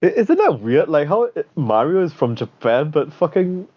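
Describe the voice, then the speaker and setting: A young man co-hosting a podcast in casual chat, animated and profane, often slipping into mock voices. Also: on the high side, moderate pace. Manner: animated, swears, acts out mock voices for laughs. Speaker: podcast co-host. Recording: slightly muffled, dull sound.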